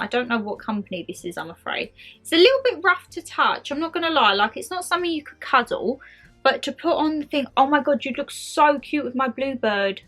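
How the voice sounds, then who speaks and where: Upbeat woman vlogger, rambling and gushing; bright, fairly high voice. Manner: bubbly, rambling, gushing with excitement. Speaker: lifestyle vlogger showing a shopping haul. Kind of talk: chatty haul vlog.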